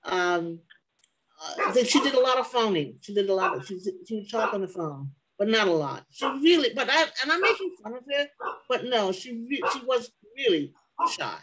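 An older woman recalling her mother in conversation, pausing often to search for words. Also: a little high, sing-song, a crowd in the background, rough recording. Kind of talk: conversational recollection.

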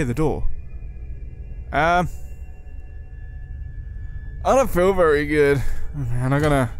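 A man hosting a horror let's-play, reading the game's lines aloud and reacting with jumpy exclamations and swearing. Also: fairly high pitch. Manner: reads in-game lines aloud to himself. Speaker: gaming video host.

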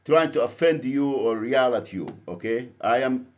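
Loud Egyptian man on a lo-fi call. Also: mid-range voice, moderate pace. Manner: loud, insistent, repeats himself. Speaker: caller. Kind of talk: phone call complaint. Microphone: computer speakerphone via internet calling. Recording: lo-fi phone call recording.

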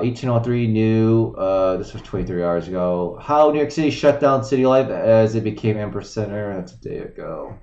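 A man's voice: lowish voice, darkish tone. A man ranting and rambling in profane casual commentary, reading off headlines on his own show. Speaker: solo streamer. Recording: roomy, dull lo-fi sound.

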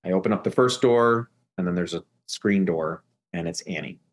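Man haltingly recounting a frightening memory. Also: deep voice. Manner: halting, repeating phrases, stumbling restarts. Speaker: podcast guest. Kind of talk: emotional personal storytelling.

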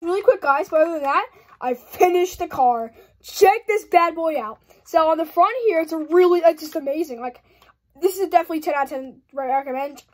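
Giggly high-voiced young woman rambling. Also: fairly quick. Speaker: hobby channel host. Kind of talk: casual build commentary.

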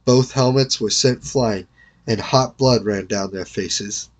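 An older man reading a storybook aloud in a measured, careful way. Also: on the low side. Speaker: reader.

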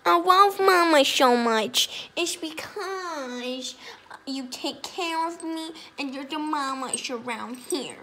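Sweet, clingy puppy girl played by a woman, high and bright, in a playful pet voice-over. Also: takes it slowly, slight background noise, heavily acted. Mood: adoring. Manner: sweet, doting, repeats her affection over and over. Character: adoring young female mini-poodle, clingy and food-loving.

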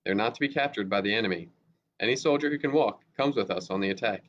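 A man's voice: lowish voice, quick pace, slight background noise, close to an everyday voice. A man voicing a harsh, fanatical army lieutenant who barks orders, in a dull lo-fi storybook reading. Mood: commanding. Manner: barking orders. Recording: dull lo-fi recording.

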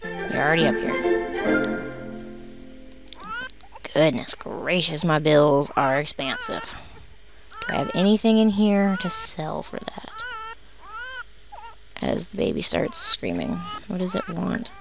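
Over background music, a woman with a low, sing-song, creaky voice plays a life-simulation game, speaking slowly with long pauses. Her commentary is casual and sarcastic as she grumbles at her characters like a let's play host.

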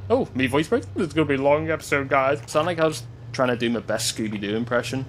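Excitable gamer over gunfire. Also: male voice, medium pitch, fast talker, few pauses, slight background noise. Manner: excitable, swearing, yelps and laughs at the action. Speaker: gameplay commentator. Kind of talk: let's-play commentary. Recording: game gunfire loud in the mix.

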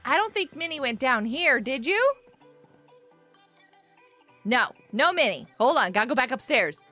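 Woman streamer, high voice, bright tone, bubbly chatty delivery. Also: unhurried, dry recording, faint music behind. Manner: bubbly and animated, frequent gasps and laughs. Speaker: livestream host. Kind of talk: casual live-stream chat to viewers while gaming.

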